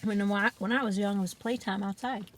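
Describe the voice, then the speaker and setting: A woman's voice: mid-range voice, fairly even intonation, fast, slight background noise. A woman chatting casually on an eating show, telling rambling, giggly stories. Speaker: podcast co-host. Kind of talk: casual chat while eating.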